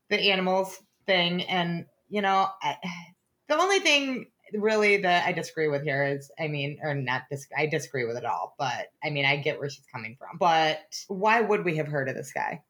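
A woman co-hosting a casual book chat, animated and laughing often. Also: on the low side, normal speed. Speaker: book podcast co-host.

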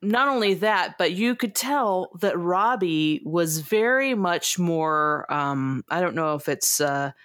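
A woman co-hosting a casual book chat, halting as she searches for words. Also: on the low side, lively intonation, a bit bright, no room sound, studio quality. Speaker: book podcast co-host.

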